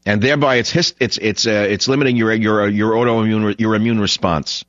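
A man's voice: lowish voice, steady tone, fairly quick, a bit bright, dry recording, highs cut off. A man hosting a radio talk show, delivering a blunt, opinionated, rambling monologue.

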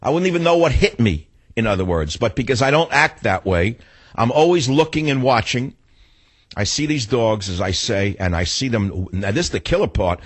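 Blunt new guy ranting through a story, husky voice, dry close sound. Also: medium pitch, expressive, normal speed, dry recording. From New York. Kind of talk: opinionated storytelling monologue.

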